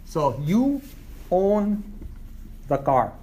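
Slow, patient male language teacher. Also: high voice, very animated, background noise. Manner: slow, repeats words for learners. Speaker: Arabic teacher. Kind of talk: classroom teaching.

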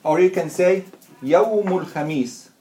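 An Arabic teacher leads a classroom lesson, patiently going over each word and repeating it slowly and often. The voice is mellow and sits at an ordinary middle pitch, with echo from a roomy classroom and a faint hiss behind it.

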